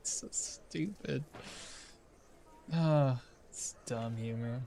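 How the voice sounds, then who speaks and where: A man live-streams a game, chatting casually, wandering into asides and chuckling often. His mid-range voice is extremely slow, creaky and mellow, with slight background noise.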